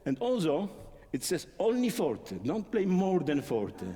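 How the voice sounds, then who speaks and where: A man teaching a violin masterclass, singing musical phrases in syllables and explaining tempo and dynamics in halting speech with many fillers. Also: high voice, sing-song, warm tone. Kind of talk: masterclass instruction. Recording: long hall reverb.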